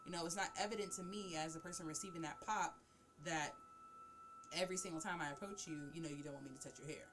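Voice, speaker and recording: Laughing, animated woman host. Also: on the low side, fast, background noise. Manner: laughing and animated, acting out examples. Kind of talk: casual chat.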